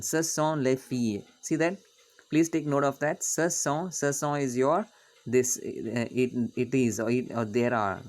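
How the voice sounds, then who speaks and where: Patient man teaching French grammar. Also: mid-range voice. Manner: patient, repeats and checks with "okay?". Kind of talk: online grammar lesson.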